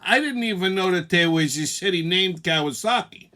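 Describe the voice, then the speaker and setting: Male comic host, bright tone, somewhat high; profane, laughs at own bits. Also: expressive, moderate pace. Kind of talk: comedic monologue podcast.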